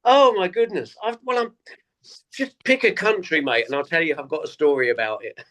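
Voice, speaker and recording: A man, a stand-up comedian, telling tour anecdotes in a relaxed interview and acting out the people he quotes. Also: on the high side, fairly quick. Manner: animated anecdotes, acts out quoted voices. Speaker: comedian guest. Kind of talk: casual interview storytelling.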